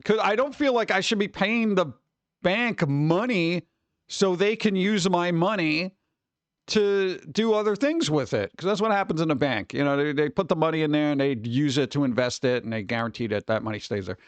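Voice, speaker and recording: A man's voice: fairly high pitch, normal speed, dry recording. A man in his forties, hosting a stream in casual chat, ranting and swearing lightly about everyday annoyances. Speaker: streamer host.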